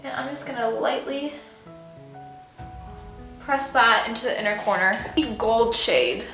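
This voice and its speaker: A young woman talks through a casual makeup tutorial at home, chatty and giggly. Her voice is high and bright. The room is echoey, with light music underneath. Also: a little slow. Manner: chatty, giggly, jokey asides. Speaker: makeup vlogger.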